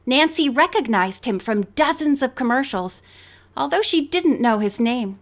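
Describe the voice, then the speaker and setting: Brief: female audiobook narrator, high voice, expressive reading. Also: a little slow. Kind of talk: scripted narration.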